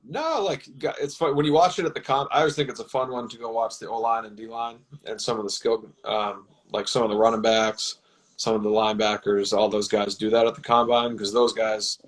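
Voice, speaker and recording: A man, a football team's personnel director, answering interview questions in a measured, explanatory way. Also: mid-range voice, fairly even intonation, rough recording. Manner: measured, explanatory, with many fillers.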